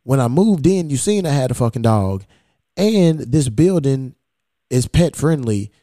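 An unhurried man with a mid-range voice hosts a podcast, telling a story in relaxed conversation. He curses a lot and animatedly plays out the dialogue he's quoting, captured in a dry, studio-quality recording.

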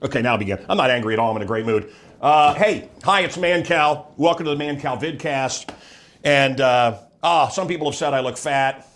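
A man's voice: mid-range voice, normal speed, a bit bright. An older man, a former radio host, talking straight to camera in a rambling, sarcastic vlog monologue. He often stops himself mid-thought and puts on mocking voices. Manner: brash, sarcastic, rambling with self-interruptions.

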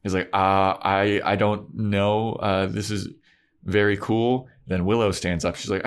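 Low-voiced man animatedly retelling a TV scene. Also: measured pace, smooth. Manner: animated retelling, acts out characters' lines. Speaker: podcast co-host. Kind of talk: casual chat recapping a TV episode.

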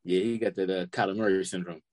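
A man co-hosting a podcast, joking and talking sports in quick casual chat. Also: low-pitched, no echo. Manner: fast, lively, joking, swearing. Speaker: podcast co-host.

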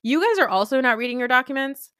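Woman doing an indignant reality-star lady, rapid exasperated questions, swooping lively pitch, dry close sound. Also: clean tone, no echo.

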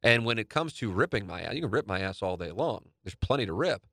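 A man's voice: fairly low pitch, very animated, quick pace, gravelly, sharp tone, no room sound, clean studio sound. A man hosting a radio podcast, talking in a casual, rambling monologue. He is blunt, swears now and then, and often restarts his sentences. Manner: rambling, with frequent restarts and stammers.

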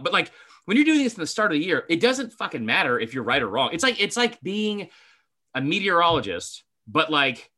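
A young man co-hosting a sports podcast in a loose, joking chat. His voice is fairly high and bright, and his pitch swings widely as he tells stories, swears freely and breaks into laughter. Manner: animated, swearing, laughs a lot. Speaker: podcast co-host. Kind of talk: casual chat.

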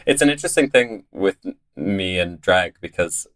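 A man's voice: deep voice, animated, normal speed, a bit bright. A man hosting an interview, chiming in agreeably with short affirmations and asking follow-up questions. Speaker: host, drag performer. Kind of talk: podcast interview.

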